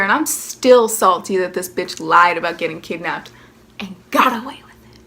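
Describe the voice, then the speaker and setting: A woman's voice: mid-range voice, expressive, moderate pace, a bit bright. A young woman in her late teens telling a casual storytime vlog, sarcastic and profane, full of "like" and mocking impressions. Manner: profane, sarcastic, constant filler "like"; breaks into exaggerated impressions of others. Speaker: vlogger.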